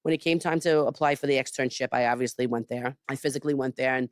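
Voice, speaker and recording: A woman's voice: very deep voice, fast talker, no echo, studio quality. A woman chef being interviewed, telling her story emphatically with lots of "like" and "you know.". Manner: animated, emphatic retelling with frequent "like". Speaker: chef, podcast guest.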